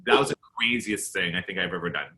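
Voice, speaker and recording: A man from Canada, a drag performer, chatting in an interview and telling animated stories, acting out quotes and laughing often. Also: low voice, fast. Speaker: eliminated contestant, drag performer. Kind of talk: casual interview chat.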